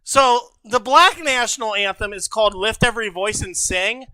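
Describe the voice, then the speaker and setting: A young man streaming live, shouting, laughing and swearing in casual chat. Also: sits high, moderate pace, no room sound.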